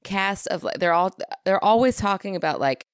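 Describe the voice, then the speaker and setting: A woman's voice: mid-range voice, animated, moderate pace, clean tone, no room sound, studio quality. A woman in her thirties co-hosting a podcast, rambling casually through a story about her kids. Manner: rambling, chatty storyteller with fillers. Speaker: podcast co-host. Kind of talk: casual chat.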